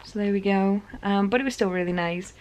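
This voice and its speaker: Vlogging directly to camera, a talkative woman tells the story of her evening out, lively and conversational, at a brisk pace with lo-fi sound. She speaks informally and relaxed, in a typical mid-range female pitch.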